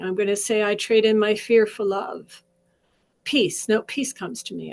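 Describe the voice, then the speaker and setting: Gentle woman guiding a tapping exercise. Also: fairly high pitch, moderate pace, low-quality recording. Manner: gentle, coaching, repeats phrases rhythmically. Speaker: wellness practitioner leading a session. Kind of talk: guided tapping exercise instruction.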